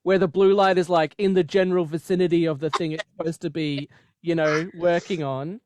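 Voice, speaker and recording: A woman's voice: lowish voice, fairly quick, a little hiss or hum. A woman co-hosting a podcast in casual chat, telling stories and acting out people's reactions. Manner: lively storyteller, acts out quoted reactions. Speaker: podcast co-host.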